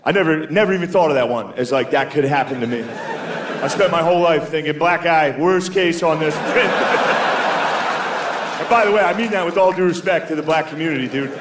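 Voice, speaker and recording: A man with a slightly high voice talks fairly quickly in a very noisy live club recording. Onstage at a comedy club before an audience, he tells crude, self-deprecating stories and slips into put-on voices amid loud crowd laughter.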